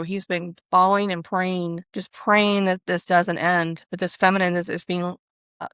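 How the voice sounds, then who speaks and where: A woman's voice: fairly low pitch, smooth, no echo. Chatty woman doing a tarot reading. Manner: chatty, Southern-tinged "y'all", breaks into laughs and excited exclamations. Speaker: tarot card reader. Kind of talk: casual spiritual card reading.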